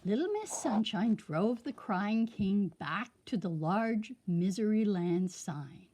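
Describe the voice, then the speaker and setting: A woman reading a children's storybook aloud in a slow, expressive way. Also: mid-range voice. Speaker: reader of a children's book.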